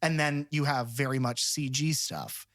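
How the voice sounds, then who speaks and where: Male podcast co-host, excited and rambling in casual film talk; middle pitch, dry room. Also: normal speed, no echo. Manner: animated, rambling, enthusiastic.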